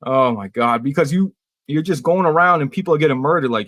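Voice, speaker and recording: A man hosts a relaxed podcast conversation, cursing freely and telling quick, self-mocking stories about himself. His voice is on the high side, animated and a bit bright. The sound is clean studio audio with no room noise.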